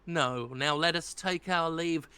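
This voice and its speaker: A man's voice: a little high, unhurried, sharp tone, smooth. A man reading an earnest young nobleman in a live amateur read-through of a play. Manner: laughs at his own slips while reading. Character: young male nobleman leaving home, earnest and teasing.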